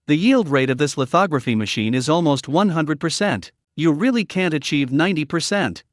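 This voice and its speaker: A modest young repairman with a matter-of-fact delivery and a slightly high, lively voice, as a man reads him out in a storybook-style recap. The sound is close and dry. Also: fairly quick, dry recording, natural voice.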